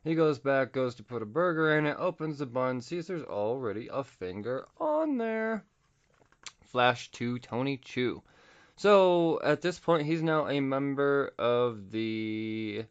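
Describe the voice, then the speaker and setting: A man hosting a podcast, casually recapping a comic book with profanity and quick voice impressions. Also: medium pitch, clean tone, lo-fi sound. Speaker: podcast host.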